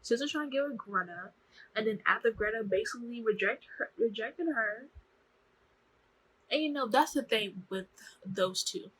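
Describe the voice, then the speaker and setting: Reviewing a TV show on camera, this young woman talks casually in slang and acts out the characters' quotes with plenty of energy. She has a fairly high, husky voice at a moderate pace, captured in a rough recording.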